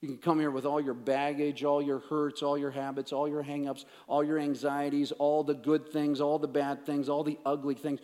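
A man preaching a sermon, emphatic, swinging between raised declarations and hushed, intense passages. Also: a little high, little pitch movement, normal speed, hardly any pauses. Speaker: pastor. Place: church sanctuary. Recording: long reverb of a large hall.

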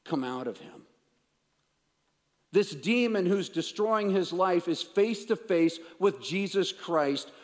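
A man preaching a sermon, emphatic, swinging between raised declarations and hushed, intense passages. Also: high-pitched. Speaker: pastor. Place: church sanctuary. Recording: long reverb of a large hall.

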